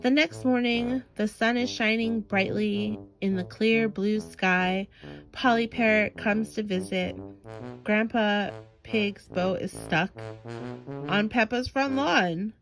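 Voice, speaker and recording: A woman reading a children's bedtime story aloud in a slow, gentle manner. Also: medium pitch, faint music behind, low-quality recording. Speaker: storybook reader.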